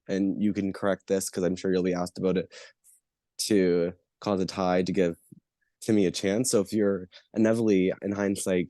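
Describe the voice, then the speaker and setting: A man with a cold who coughs and pauses to catch his breath, earnestly questioning a finalist as a juror on an online call. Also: sits low, warm tone, dry recording, clean studio sound. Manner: earnest, slightly winded. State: sick, coughing.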